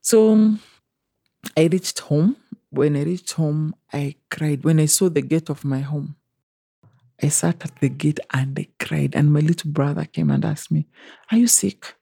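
A young Kenyan woman recounting a personal story in an interview, animated and acting out other people's voices, slipping into Swahili phrases. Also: low-pitched, measured pace, creaky, slightly rough, dry recording, clean studio sound. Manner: animated, acts out quoted voices, mixes in Swahili. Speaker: interview guest.

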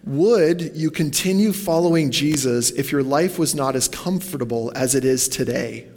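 A man's voice: medium pitch, moderate pace, a little mellow, big-room sound. A man preaching a sermon in a church, talking casually and putting questions to the congregation. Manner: conversational, asks the congregation questions, goes off on tangents. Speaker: pastor.

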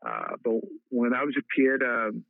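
A man from Kansas is a podcast guest. He tells a personal story in a reflective way and pauses often on "uh". His voice comes over a thin, phone-like line that sounds dry and close. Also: medium pitch, wildly swooping pitch, gravelly, no echo. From Wichita, Kansas, USA. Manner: frequent "uh" fillers, heartfelt and reflective. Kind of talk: storytelling interview.

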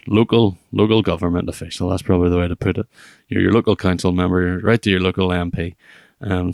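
A man's voice: sits low, vocal fry, a little mellow, no room sound, clean studio sound. A man giving a rambling, chatty recap of a film, full of fillers and restarts, with wry asides. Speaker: film reviewer.

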